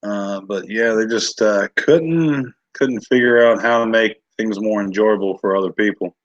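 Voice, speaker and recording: Rambling low-voiced man on stream. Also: a little slow, no room sound, highs cut off. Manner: rambling, lots of fillers and restarts. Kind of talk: casual chat on a livestream.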